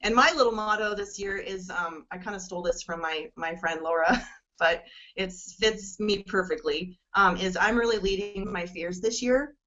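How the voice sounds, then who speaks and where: A woman's voice: medium pitch, normal speed, pushed and bright. Woman in her forties sharing personal goals. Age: 40s. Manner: rambling, many fillers, tearful at times. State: emotional, near tears. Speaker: network marketing coach. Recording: dull lo-fi sound.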